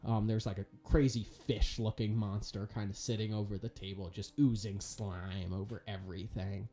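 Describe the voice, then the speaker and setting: A man's voice: on the low side, little pitch movement, normal speed, warm tone, faint music behind. A man narrating a tabletop game as game master in a casual style, with frequent fillers and laughter.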